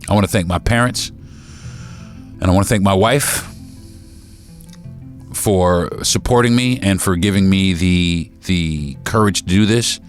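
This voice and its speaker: A deep-voiced man hosts his own podcast, speaking unhurriedly with long pauses over soft background music. He delivers a heated opinion monologue straight to his listeners, calling them "folks," and repeats words and restarts sentences as he gets worked up.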